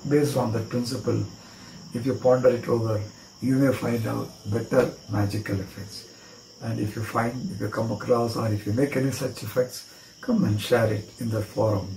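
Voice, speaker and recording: Indian guy explaining a card trick, mellow voice, echoey room w/ faint crickets. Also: medium pitch, fairly even intonation, normal speed, creaky, a little hiss or hum. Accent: Indian English. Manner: spells words out letter by letter, repeats chants. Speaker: magic teacher.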